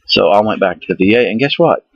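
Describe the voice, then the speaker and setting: A middle-aged man from the United States telling a rambling, profane story about himself, excitable and laughing at his own misadventures. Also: fairly low pitch, fast, gravelly, husky, dry recording, muffled recording.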